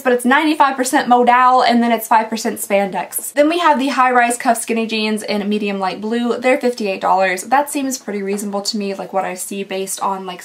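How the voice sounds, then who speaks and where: A young woman vlogging a clothing try-on, ranting dramatically with sarcastic asides and sounding exasperated. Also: on the high side. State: out of breath. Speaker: fashion vlogger. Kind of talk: exasperated try-on haul vlog.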